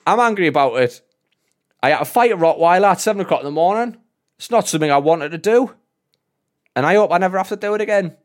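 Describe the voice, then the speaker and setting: Lively Northern English man telling stories. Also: high-pitched, quick pace. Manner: animated, swears a lot, laughs often. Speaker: podcast co-host. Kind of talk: casual chat, storytelling.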